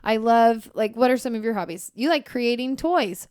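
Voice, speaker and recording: A woman co-hosting a podcast, chatting casually in a bubbly, animated way and laughing easily. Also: fairly high pitch, normal speed, clean tone, no room sound, studio quality. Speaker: podcast co-host and counselor. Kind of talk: casual chat.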